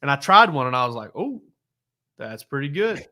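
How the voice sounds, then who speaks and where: A man's voice: medium pitch, big pitch swings, normal speed, pushed and bright. A man, a sports reporter, telling laid-back stories on a casual podcast, rambling with many fillers and restarts.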